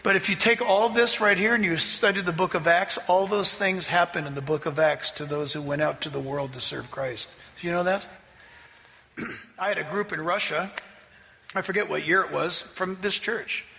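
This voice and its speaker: Animated pastor preaching, gravelly bright voice. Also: male voice, high-pitched, moderate pace, long reverb tail, slight background noise. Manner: storytelling, animated, acts out quotes with laughs. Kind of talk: sermon. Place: church.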